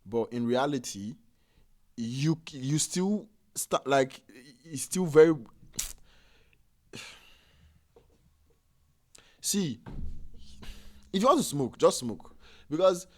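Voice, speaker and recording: A man casually reacting to video clips, rambling and halting as he corrects himself and fills gaps with "like". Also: fairly high pitch, lively intonation, darkish tone.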